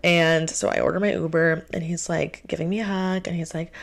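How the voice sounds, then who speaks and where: A young woman hosting her show, telling a dating story in an animated, exasperated way with lots of filler words. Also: low-pitched, fairly quick, creaky, hardly any pauses. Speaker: host. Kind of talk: storytime monologue.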